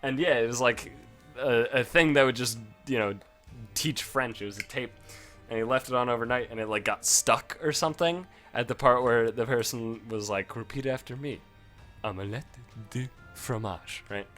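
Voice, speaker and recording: A man gives loose, self-deprecating gameplay commentary and swears freely as he goes. His voice has a bright, forward edge, and a little music plays faintly underneath. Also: mid-range voice, moderate pace. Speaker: gaming video host.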